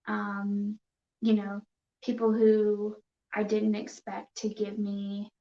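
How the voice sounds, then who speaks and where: A woman chats with her viewers on a casual live stream, hesitant and nervous, full of pauses and restarts. She speaks slowly in a flat, even voice. The sound is dull and roomy, as in a home room. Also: mid-range voice. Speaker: yarn crafting streamer.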